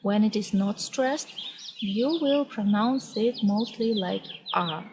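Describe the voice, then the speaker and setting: Young Russian-accented woman, unhurried patient teacher, says every word twice, faint noise behind. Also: mid-range voice. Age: young adult. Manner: slow and deliberate, repeats each word. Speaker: language teacher. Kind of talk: vlog language lesson. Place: outdoors on a hot day.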